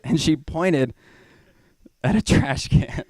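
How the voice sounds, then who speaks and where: A man's voice: on the high side, animated, slow, darkish tone. A young man from Georgia doing a rambling, profane stand-up set in a small venue. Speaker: stand-up comedian.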